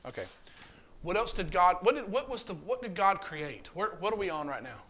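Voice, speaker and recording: A man's voice: sits high, expressive, a little fast, pushed and bright, slight background noise. A man teaching a children's communion class, coaxing answers with repeated questions. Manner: coaxing, asks questions over and over. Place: church classroom.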